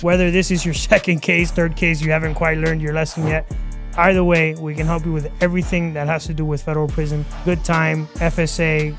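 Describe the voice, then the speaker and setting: A male podcast host reads a sponsor spot, his voice set a bit high and held to a flat, even pitch. Music plays clearly underneath him. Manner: upbeat, steady pitch. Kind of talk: reading a sponsor ad.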